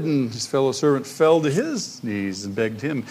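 Man preaching an animated sermon. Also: medium pitch, normal speed, husky. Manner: animated preaching, acting out the parable's voices. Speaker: pastor.

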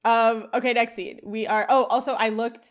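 A woman's voice: fairly high pitch, normal speed. A woman co-hosting a podcast, recapping an episode scene by scene and acting out the characters' lines with lots of laughter. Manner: animated, acts out the characters' lines while recapping, laughs often. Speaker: podcast co-host.

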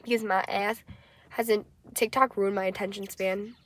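A woman's voice: mid-range voice, steady tone, unhurried, a bit bright. A young woman co-hosting a casual podcast from a parked car, blunt and swearing constantly as she rants and jokes. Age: young adult. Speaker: podcast co-host. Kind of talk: casual chat.

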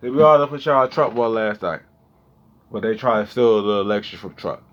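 A vlogger in his thirties rambles casually straight to his audience, full of slang and swearing, sometimes mumbling quietly and sometimes turning loud. He talks at a moderate pace, and the lo-fi recording sounds dull with a little hiss or hum.

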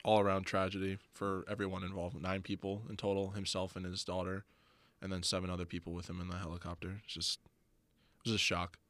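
Man, podcast guest, low voice, fast, halting, dry sound. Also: monotone, fairly bright tone. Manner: fast, halting, with many restarts. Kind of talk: casual podcast chat.

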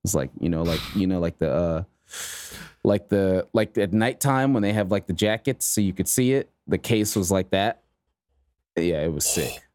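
A young man in casual chat who reacts loudly, laughs a lot and jokes. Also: deep voice, animated, moderate pace, no room sound.

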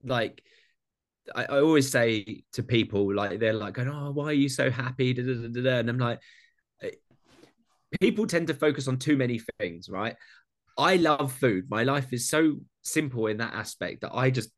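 A young British man, a food content creator, talking in a relaxed way in a casual interview and swearing freely. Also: medium pitch, moderate pace. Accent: British English.

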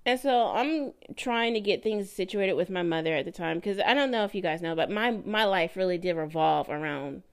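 A woman hosting her own podcast, telling a personal story in a casual, animated way and acting out the voices in her quotes. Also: mid-range voice, normal speed, hardly any pauses. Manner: animated, laughing, mimics voices in quoted lines. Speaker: podcast host.

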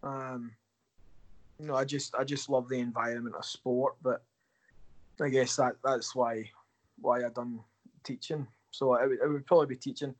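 A man's voice: mid-range voice, level tone, moderate pace, pauses often. A man guesting on a podcast as a hockey assistant coach, answering fan questions with self-deprecating jokes. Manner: joking, self-deprecating, chatty. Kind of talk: casual podcast interview.

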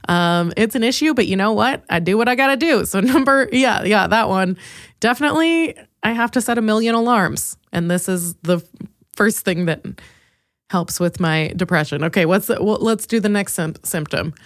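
A woman in her twenties hosting a comedic solo podcast, swearing freely and laughing at herself in an animated rush. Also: medium pitch, normal speed, no room sound, studio quality. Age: 20s. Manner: profane, self-mocking, animated, laughs a lot. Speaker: podcast host.

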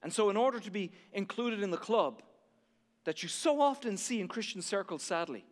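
A man from Ireland preaching a sermon as pastor, telling a story and swinging from hushed passages to emphatic ones. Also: sits high, expressive, brisk, big-room sound.

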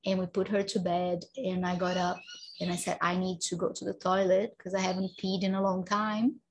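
A woman's voice: on the low side, normal speed, slight background noise. Laughing woman telling a birth story. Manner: animated, laughing, acts out quoted voices. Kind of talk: casual personal storytelling.

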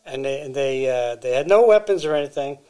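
A man's voice: mid-range voice, lively intonation, brisk, darkish tone, smooth, soft background music. A man co-hosting a podcast, casually retelling a story with fillers and restarts. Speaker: podcast co-host.

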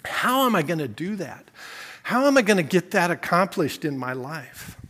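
A male pastor delivers a sermon in a high, light voice. He turns from soft, thoughtful passages to forceful emphasis. He repeats key phrases to drive them home. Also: sing-song, normal speed. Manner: swings between quiet reflection and emphatic preaching.

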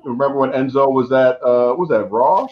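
A man's voice: medium pitch, moderate pace, highs cut off. A man co-hosting a casual wrestling chat, pushing questions and laying out booking ideas. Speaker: podcast co-host.

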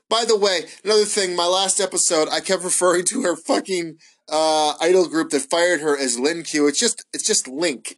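A man hosting his own show, rambling casually and excitably, swearing often and stumbling through fillers. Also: a little high. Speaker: wrestling podcast host. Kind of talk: casual solo ramble review.

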